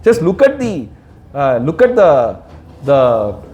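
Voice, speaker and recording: A man's voice: fairly high pitch, huge pitch swings, slow pace, warm tone, echoey room. A man giving a devotional sermon, asking the audience questions and answering them himself. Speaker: devotional speaker.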